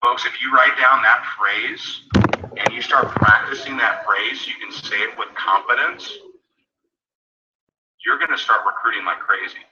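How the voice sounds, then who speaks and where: A man giving a sales training talk, coaching listeners and acting out sample phone calls in quick asides. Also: lowish voice, sharp tone, a little hiss or hum. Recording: tinny phone line, echoey and distant.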